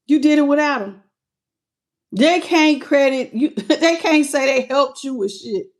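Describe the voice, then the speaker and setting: A woman with a high, bright-sounding voice giving a live tarot reading. She talks in an animated, affectionate way, calling listeners baby and greeting them by name. She laughs often between lines. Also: unhurried. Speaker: tarot reader.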